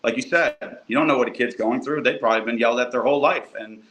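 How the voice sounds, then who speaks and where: A young adult man, a college football coach, talks earnestly as a guest on a podcast. He keeps a medium pitch, fills his speech with "you know" and often restarts his sentences. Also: quick pace, a bit bright, low-quality recording. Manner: earnest, lots of fillers and restarts. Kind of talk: casual podcast conversation.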